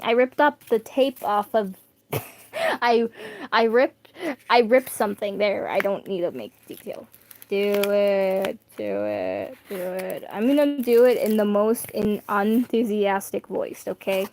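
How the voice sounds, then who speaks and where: A woman's voice: mid-range voice, lively intonation, unhurried, a little mellow. A young woman chatting casually and rambling while reading a story aloud on stream. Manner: rambling, self-deprecating, bursts of laughter.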